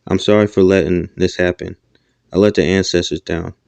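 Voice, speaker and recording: A man voicing a defiant, sharp-tongued captive woman. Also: low voice, flat delivery, moderate pace, creaky, clear, resonant tone, no room sound.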